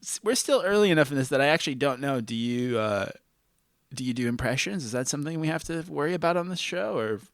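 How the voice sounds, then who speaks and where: Podcast host, male, lively playful delivery, dry close sound. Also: a little high, fast, no room sound. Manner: playful, laughs often, animated. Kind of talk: casual chat.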